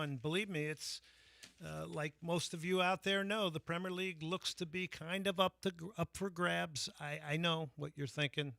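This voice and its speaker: Gravelly, bright-voiced male radio host. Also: on the high side, normal speed, no room sound, clean studio sound. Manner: chatty, with frequent fillers and restarts. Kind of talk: casual sports talk monologue.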